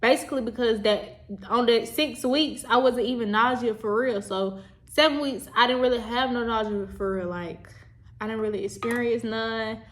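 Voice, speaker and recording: Young adult woman vlogger, loose chatty delivery, repeats herself, voice on the higher side. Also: normal speed. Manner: rambling, chatty, repeats herself, says "y'all". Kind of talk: casual chat to camera.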